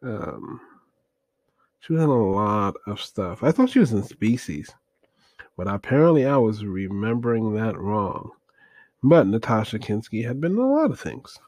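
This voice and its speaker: A man's voice: fairly low pitch, sing-song, normal speed, a little mellow, breathy edge, no room sound. A man rambling through a casual movie review, hesitant and full of fillers as he looks things up while talking.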